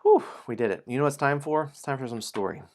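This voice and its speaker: A man's voice: mid-range voice, expressive, quick pace. A man hosting a casual game stream, playfully teasing players and reading the story aloud. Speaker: game host.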